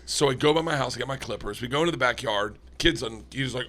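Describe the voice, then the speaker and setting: A middle-aged comedian guest on a podcast, talking in a bright, tense voice. He tells a profane story with big energy and acts out the quotes along the way. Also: medium pitch, fast.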